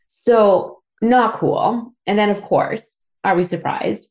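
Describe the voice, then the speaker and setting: With a medium-pitched, slightly mellow voice, she talks unhurriedly yet with hardly any pauses. This Canadian podcast host in her thirties tells an honest personal story, occasionally emotional and tearful, with swearing and fillers throughout.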